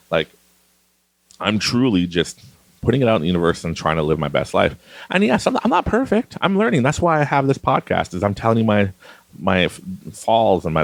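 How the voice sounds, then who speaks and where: A middle-aged Canadian man hosts a podcast, rambling casually in a monologue and laughing often. His voice is deep, with no echo.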